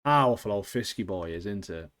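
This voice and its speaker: A young man co-hosting a podcast, talking fast and casually with lots of laughter and slang. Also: lowish voice. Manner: animated, laughing often, slangy and swearing. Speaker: podcast co-host. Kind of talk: casual chat reviewing TV shows.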